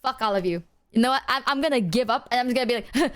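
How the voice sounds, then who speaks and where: A woman's voice: on the high side, fast talker, a bit bright, clean tone. A woman streamer chatting casually with her viewers, playful and swearing freely, breaking into silly sung bits.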